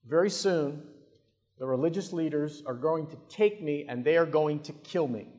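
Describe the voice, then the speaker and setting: A calm, commanding teacher speaks in a low, measured way, as a male preacher voices him. The voice is fairly high for a man yet steady. A long hall reverb follows each word. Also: close to an everyday voice.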